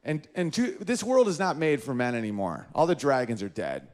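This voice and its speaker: A man in his thirties doing an animated stand-up comedy routine, jumping in and out of character voices. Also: normal speed. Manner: animated, jumps into high-pitched character voices.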